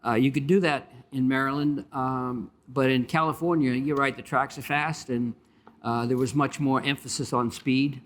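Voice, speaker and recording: A man, a retired jockey on a panel, telling stories and stopping often to pause and fill. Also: mid-range voice, fairly even intonation. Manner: storytelling with many pauses and fillers. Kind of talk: anecdotal panel talk.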